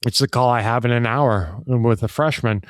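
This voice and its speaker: A man's voice: mid-range voice, moderate pace, no room sound, clean studio sound. A man talking as a podcast guest, emphatic and full of restarts and "you know". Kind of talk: casual conversation.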